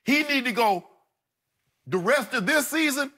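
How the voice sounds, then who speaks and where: A middle-aged man co-hosting a sports debate show, arguing emphatically and repeating points slowly for effect. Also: very high voice, expressive, pushed and bright.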